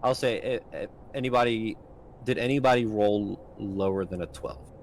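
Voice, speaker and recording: Low-voiced man running a tabletop game. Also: moderate pace, slight background noise, rough recording. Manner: casual, with frequent ums and likes. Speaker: game master.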